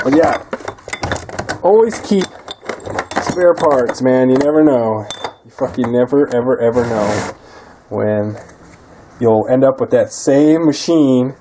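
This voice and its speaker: A man's voice: mid-range voice, noisy background. A man talking casually while repairing a quad in his garage, muttering and cursing often. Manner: profane, frustrated muttering. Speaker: DIY mechanic vlogger.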